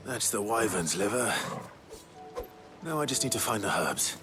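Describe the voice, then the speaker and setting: A grave young swordsman hero in a video game. His voice sits very low but moves through a wide range. He speaks tersely and gravely, with game music clearly audible behind him. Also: sing-song, moderate pace. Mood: steady. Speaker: game protagonist.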